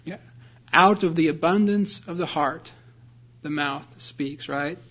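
Guy preaching a sermon, earnest, kinda high voice, muffled lo-fi audio. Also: takes it slowly, a bit bright. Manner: earnest, explanatory, reads scripture aloud. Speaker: pastor.

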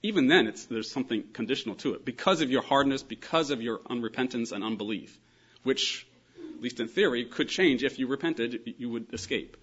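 A man with a mid-pitched, slightly husky voice teaches a Bible lesson, working through his points in a thoughtful, explanatory way. He leans hard on the key phrases. The recording sounds muffled and lo-fi. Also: brisk, fairly bright tone. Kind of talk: lecture on scripture.

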